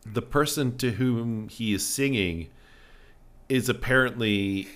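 A man's voice: medium pitch, takes it slowly, a bit bright. A man who is a guest on a music podcast, making dry, wry remarks and giving short agreements. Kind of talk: casual music discussion.

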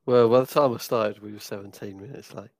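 Young man, podcast co-host, low-effort deadpan delivery, dry close sound. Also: a little fast, no room sound. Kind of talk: casual banter.

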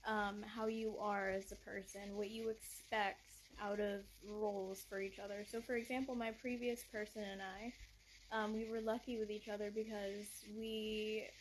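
A woman's voice: medium pitch, little pitch movement, moderate pace, slight background noise, low-quality recording. A young woman ranting bluntly and with lots of swearing in a casual talk show monologue. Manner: blunt, profane, exasperated. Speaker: podcast host.

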